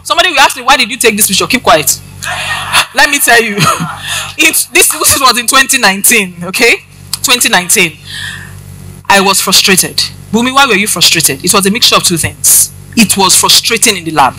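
A woman's voice: mid-range voice, animated, moderate pace, bright, forceful tone, breathy edge, faint music behind, poor audio. A woman preaching, giving a personal testimony and addressing the congregation directly with questions.

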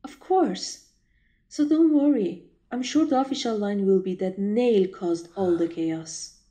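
A woman voicing a calm, wry female colleague who reassures and teases, in a whispered role-play. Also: medium pitch, measured pace, lightly acted. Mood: reassuring. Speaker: voice actor.

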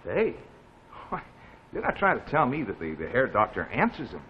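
A man's voice: mid-range voice, huge pitch swings, normal speed, slightly rough, heavily acted. An actor playing a breezy, reassuring young man who brushes off worries, in a live 1950s TV drama. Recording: dull 1950s TV audio with faint noise.

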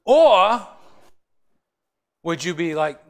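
A man leads a Bible study with a gravelly, slightly high voice. He tells funny everyday stories and keeps asking his listeners questions. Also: unhurried, pauses often. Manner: joking, storytelling, asks the group questions. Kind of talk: animated Bible study teaching.

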